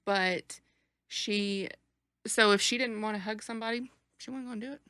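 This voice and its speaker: A woman guest on a podcast, chatting casually, firm in her opinions and quick to agree. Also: medium pitch, fairly even intonation, sharp tone, clean tone, no room sound, clean studio sound. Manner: firm, agreeable, frequent affirmations. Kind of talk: casual chat.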